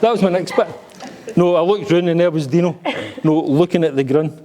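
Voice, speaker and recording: A man's voice: on the high side, fairly quick, background noise. A middle-aged Scottish man giving a joking, blunt father-of-the-bride speech at a wedding reception, swearing freely.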